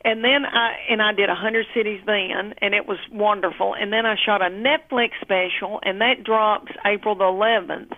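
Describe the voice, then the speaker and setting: A woman's voice: mid-range voice, steady tone, normal speed, few pauses. A woman comedian chatting on the phone from home, fondly calling the host honey and darling. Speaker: comedian guest. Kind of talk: casual phone interview. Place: at home, lounging. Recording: tinny phone line.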